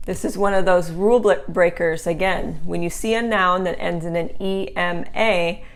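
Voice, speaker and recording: A woman teaching a language lesson, patient and clear, repeating words slowly and checking in with "okay?" and "right?". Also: on the low side, fairly even intonation. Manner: casual tag questions like okay and right. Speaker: Italian teacher.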